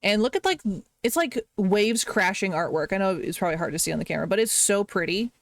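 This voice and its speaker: A woman's voice: medium pitch, lively intonation, quick pace, no echo. Chatty streamer woman, dry close sound. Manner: chatty and rambling, gushing over small pleasures. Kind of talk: casual chat on a live stream.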